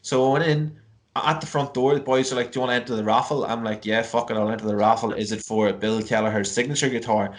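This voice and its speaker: A man's voice: mid-range voice, fairly even intonation, fast talker. An Irish man from Ireland, a podcast guest on a video call, telling a long story in casual chat, swearing freely and full of fillers.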